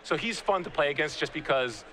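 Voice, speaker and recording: A man in his thirties doing live game commentary, a chatty and animated storyteller who often restarts his sentences. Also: fairly high pitch, brisk, a little hiss or hum. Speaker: guest commentator, pro player.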